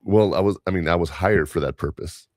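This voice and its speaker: A man's voice: sits low, a little fast, no echo, studio quality. A man hosting a podcast, telling workplace stories in a casual, rambling way with lots of fillers and restarts. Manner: chatty storyteller, many fillers and restarts. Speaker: podcast host. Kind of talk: casual chat.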